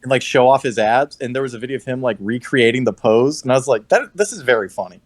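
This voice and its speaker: A man co-hosting a casual podcast chat, telling stories in a relaxed way with plenty of fillers. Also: mid-range voice, fast. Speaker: podcast co-host.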